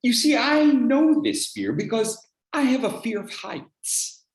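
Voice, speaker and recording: A speech contest speaker with a mid-range voice tells a dramatic personal story, acting out each scene. The delivery rises and falls widely, dropping to near-whispers and climbing to shouts. The voice rings with the echo of a roomy meeting room. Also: mid-range voice, slow pace. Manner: animated, acts out scenes, shifts from hushed to shouting.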